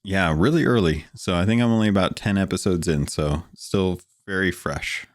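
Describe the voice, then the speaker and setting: A man guesting on a podcast, talking in a relaxed, rambling way with plenty of fillers, in a deep morning voice. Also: moderate pace, no echo, clean studio sound. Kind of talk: casual podcast chat.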